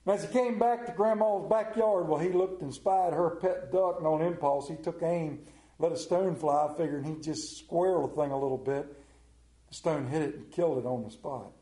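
A man preaching a sermon, telling stories in a folksy way and dropping to a hush for quoted lines. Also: on the high side, moderate pace, roomy sound. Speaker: pastor. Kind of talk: storytelling sermon.

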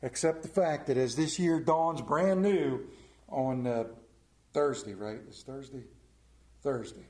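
A man preaches a sermon in a mellow, warm voice. His delivery is dramatic and emphatic, swinging from loud stresses to hushed lines. A roomy echo surrounds him in the church. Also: mid-range voice, slow pace. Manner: dramatic, emphatic scripture reading with wide swings in loudness.

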